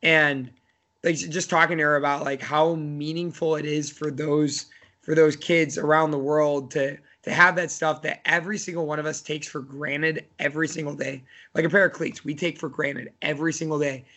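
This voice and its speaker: A man's voice: fairly high pitch, flat delivery, moderate pace, sharp tone. A man in his thirties, a college soccer coach, chatting casually on a podcast in a rambling way full of fillers and restarts.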